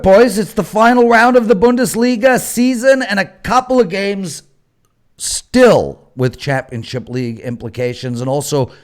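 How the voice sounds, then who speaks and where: A man from Canada hosting a sports betting talk show, joking and teasing his co-hosts. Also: on the high side. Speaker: host.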